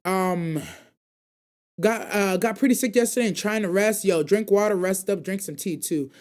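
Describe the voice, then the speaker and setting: Speaking at a normal speed in a high register, a young man runs an anime call-in radio program. His talk is loose and slang-filled as he reads viewer comments and chats in casual rambles.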